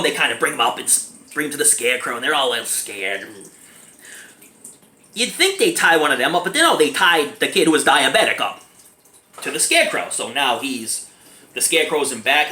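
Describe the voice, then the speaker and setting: A man giving a casual movie review, animated and giggly, keeps breaking into laughter. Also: on the high side. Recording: echoey room, faint background noise.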